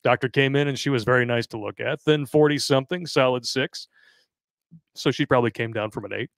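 A man with a mid-range voice and vocal fry hosts a casual live stream, reading a listener's story aloud in a crude, jokey way. He talks a little fast, laughs often, and there is no room sound.

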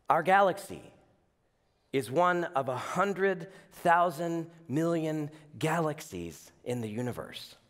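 A man preaching a sermon as a pastor, animated, with playful asides and voiced quotes. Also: a little high, long reverb tail.

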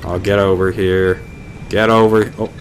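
A young man talks over his gameplay in a lowish voice, cursing and joking as he rambles. His delivery is casual and loose. A faint hiss sits under the recording. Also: flat delivery, unhurried. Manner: profane, rambling, jokey. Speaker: gaming video host. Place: indoors at home, late at night.

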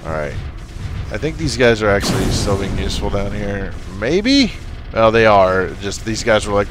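A man with a lowish voice and big pitch swings talks at a moderate pace over a noisy background. He's a gameplay commentator doing a casual let's play of a strategy game, goofily bossing his units around and joking with them. Faint game music and artillery sound behind him.

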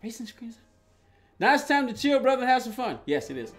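Lively high-voiced male game streamer. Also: fast, faint music behind. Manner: rambling, repetitive storytelling with frequent restarts; reads and answers chat aloud. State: agitated while recounting. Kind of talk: live-stream chat while gaming.

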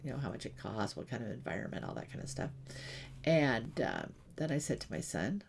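A woman's voice: extremely low pitch, big pitch swings, brisk, vocal fry, slight background noise. A middle-aged woman streaming a game, chatting and telling stories between asides to the game. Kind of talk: casual gaming livestream chat.

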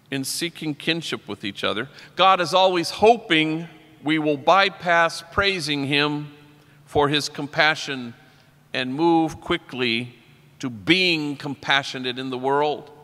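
A man's voice: on the high side, pushed and bright. A man, a priest, giving an inspirational conference talk full of stories and quotations. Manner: story-driven, quotes poets and people he works with. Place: large conference hall. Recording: long hall reverb.

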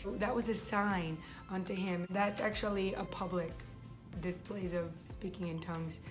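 A woman's voice: fairly low pitch, fairly even intonation, unhurried, music in the background. A young woman hosting her faith vlog, talking casually and eagerly, often restarting her phrases. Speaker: vlog host.

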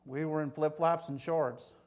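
A middle-aged male pastor preaching in a church, his voice sitting a little high for a man. He talks in a chatty, storytelling way and keeps prodding the congregation to answer him. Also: steady tone, moderate pace, darkish tone. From Michigan. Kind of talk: conversational sermon. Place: church sanctuary.

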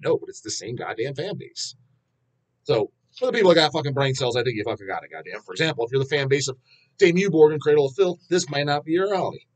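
A man hosting a metal channel, ranting bluntly and with heavy swearing in casual talk to viewers, with frequent restarts and drawn-out fillers. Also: fairly high pitch. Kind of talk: casual rant answering viewer questions.

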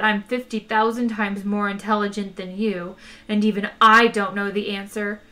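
A woman voicing a slow, weary, depressed male robot who talks down to people, in an audiobook reading. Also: mid-range voice, sharp tone, lightly acted.

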